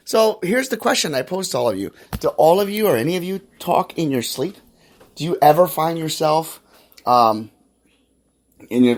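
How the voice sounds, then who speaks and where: A man hosting his own faith podcast, telling a funny story from home in a chatty, rambling way with lots of fillers. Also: mid-range voice. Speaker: podcast host. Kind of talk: casual storytelling monologue.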